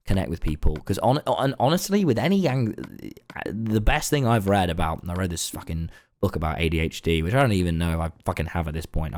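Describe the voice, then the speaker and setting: A man's voice: low-pitched, darkish tone, no room sound. A young man chatting casually in a late-night vlog, rambling and laid-back and swearing now and then. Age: young adult. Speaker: online content creator.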